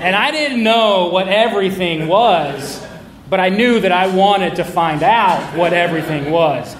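A man's voice: high-pitched, lively intonation, normal speed. A middle-aged man telling a candid, self-mocking personal story in a conversational way. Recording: roomy echo.

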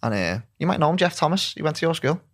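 A man's voice: fairly high pitch, very animated. A young man with a Scouse accent, a footballer chatting casually as a guest, slangy and full of "lad". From Liverpool, England. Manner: quick, slangy, says "lad" constantly. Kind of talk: casual chat.

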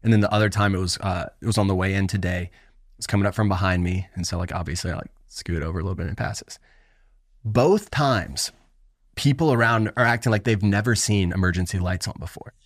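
A man's voice: fairly quick, no room sound, studio quality. A man co-hosting a casual sports podcast, telling stories with growing animation. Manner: animated storyteller, rising pitch when worked up. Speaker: podcast co-host.

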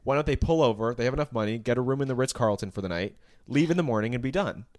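Man, podcast co-host, sarcastic, incredulous, lively pitch, celebrity gossip chat. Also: rapid-fire. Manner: reads news excerpts aloud with asides. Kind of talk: casual celebrity news chat.

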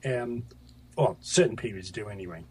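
A man's voice: on the low side, normal speed, darkish tone, slightly rough. A middle-aged man from Scotland, a guest author talking over a video call, hesitant with many fillers and restarts.

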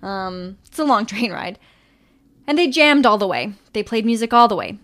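A woman host telling a band's story in a casual chat, animated, with fillers and trailing asides. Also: medium pitch, normal speed. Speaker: podcast host.

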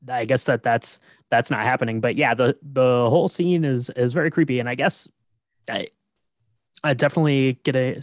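Relaxed man musing on a film. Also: medium pitch, dry recording, clean studio sound. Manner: relaxed, hesitant with fillers and soft laughs. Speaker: podcast co-host. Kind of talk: casual film discussion.

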